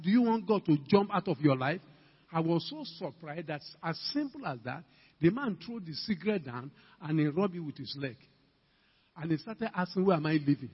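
Ghanaian male preacher, emphatic sermon that climbs to shouts, raised pitch, dull reverberant hall recording. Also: husky. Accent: Ghanaian English. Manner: emphatic, calls out to the congregation, rising to shouts. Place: church hall.

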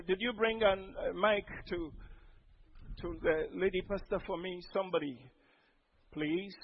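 Pastor guy, really high voice, preaching loud then soft, muffled echoey church sound. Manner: preaching with sudden loud emphatic outbursts. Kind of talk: sermon.

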